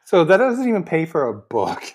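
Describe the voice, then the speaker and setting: Podcast co-host, husky voice, animated pitch, quick jokey comments. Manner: jokey asides, laughs a lot, mimics characters. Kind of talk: casual movie recap chat.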